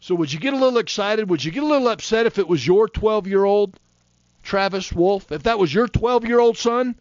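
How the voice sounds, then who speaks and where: A preacher in his fifties delivers a heated, folksy sermon, his fairly high voice leaping and dropping with fervor. The recording is muffled and lo-fi, with no room echo. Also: lively intonation, brisk. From Florida. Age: 50s. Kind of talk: fiery sermon. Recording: dull, dry lo-fi recording.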